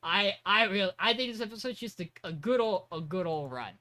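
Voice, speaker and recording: Young dude rambling thru an anime recap, swears a lot, bright sharp voice. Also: male voice, high-pitched, brisk. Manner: rambling, profane, excitable storytelling. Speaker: anime podcast panelist. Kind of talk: casual episode recap.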